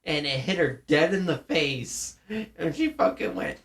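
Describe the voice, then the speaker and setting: Gravelly young man telling rowdy stories. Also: a little high, big pitch swings, unhurried, fairly bright tone. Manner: profane, rambling, acts out quotes. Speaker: podcast co-host. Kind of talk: casual storytelling chat.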